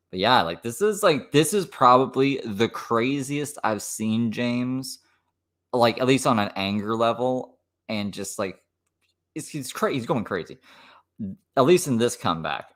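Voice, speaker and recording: A man's voice: lowish voice, fairly bright tone. A man with a Minnesota accent giving casual reaction commentary, with wry asides and laughs. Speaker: commentary streamer.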